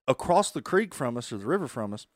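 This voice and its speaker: A man's voice: mid-range voice, very animated, fast, no echo, clean studio sound. A man, co-hosting a casual podcast and telling a story full of swearing. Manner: profane, storytelling, laughs while telling. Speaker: podcast co-host. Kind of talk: casual chat.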